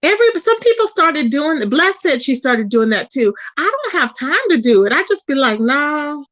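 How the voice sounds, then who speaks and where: Talking straight to her chat, this woman runs a casual live stream on YouTube, reading out comments in a chatty, animated way and saying "child" and "y'all." She has a high-pitched voice at a normal speed, recorded with no room sound.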